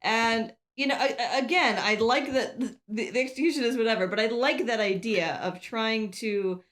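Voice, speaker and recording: A woman's voice: on the high side, moderate pace, a bit bright. Giggly woman chatting about a movie. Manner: giggly, fills talk with "like" and "uh". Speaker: podcast co-host. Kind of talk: casual movie review chat.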